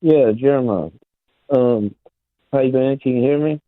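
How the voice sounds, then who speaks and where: Hesitant caller on a tinny phone line. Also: male voice, medium pitch, measured pace, no room sound. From Tennessee. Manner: hesitant, many fillers. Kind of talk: call-in conversation.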